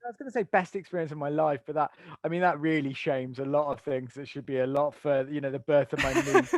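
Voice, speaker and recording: A British man in his thirties talks as a podcast guest in a voice pitched a little high. He spins comic stories and slips into quick impressions as he goes. The sound is dry and close, with no room around it. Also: fairly even intonation, no echo. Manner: jokey storyteller, acts out voices in anecdotes. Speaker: guest, stand-up comic and author. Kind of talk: casual podcast chat.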